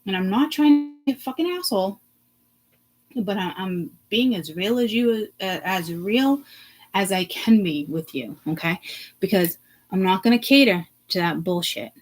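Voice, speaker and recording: A woman vlogger ranting to her viewers, blunt and profane, swinging from hushed asides to loud outbursts. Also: medium pitch, animated, moderate pace, poor audio. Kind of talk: ranting to camera.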